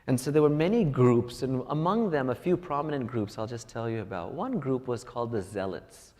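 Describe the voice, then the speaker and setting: A man preaching to a congregation in a large hall with a long trailing reverb. His pitch swings widely as he tells personal stories and climbs to emphatic points. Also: lively intonation, fairly quick, a little mellow. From United States. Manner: storytelling, rising to emphatic peaks. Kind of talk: sermon.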